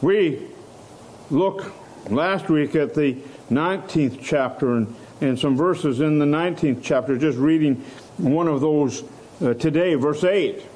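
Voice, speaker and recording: A man preaching a sermon, slow and emphatic, stressing key words and letting out short laughs. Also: fairly high pitch, a little mellow.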